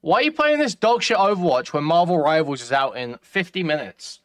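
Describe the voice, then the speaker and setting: A man's voice: fairly high pitch, animated, fairly quick. A man doing live-stream reaction commentary, ranting and profane with a sardonic edge.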